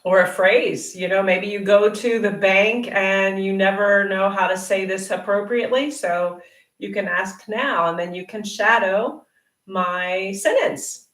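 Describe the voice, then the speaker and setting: A woman teaches English in an unhurried, encouraging way, stretching words out so viewers can repeat after her. Her voice sits a little back from the mic, and the room rings around it. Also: mid-range voice, a bit bright, recorded from a distance. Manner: encouraging, chatty, repeats words slowly for learners. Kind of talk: live Q&A lesson. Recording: roomy and off-mic.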